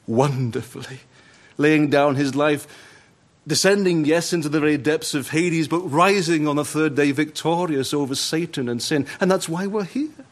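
A man delivering a sermon with a slightly high voice. He leans hard on key phrases, slowing right down and pausing for effect. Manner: emphatic, slowed stresses and dramatic pauses. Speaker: preacher.

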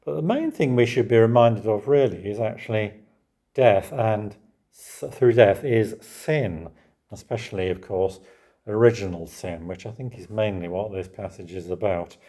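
An older man with a lowish voice gives an expository sermon. He talks to his congregation conversationally and keeps checking in with rhetorical tag questions. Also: normal speed, mellow. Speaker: preacher.

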